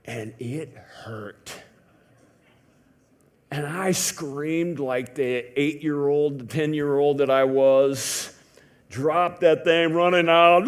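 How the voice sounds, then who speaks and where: A man preaching a sermon in a church, telling a story in a conversational way, swinging from hushed to loud. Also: a little high. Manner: conversational with many fillers. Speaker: pastor.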